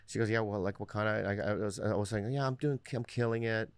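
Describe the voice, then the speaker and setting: A man's voice: lowish voice, steady tone, quick pace, clear, resonant tone. A man in his fifties rambling and stammering through a story in a casual podcast chat. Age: 50s.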